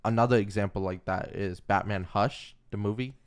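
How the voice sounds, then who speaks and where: A man's voice: lowish voice, fairly even intonation, normal speed, clean tone. A young man co-hosting a podcast, chatting casually and loosely, often stopping to correct himself. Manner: chatty, self-correcting, laughs easily. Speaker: podcast co-host. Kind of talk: casual chat about comics and movies.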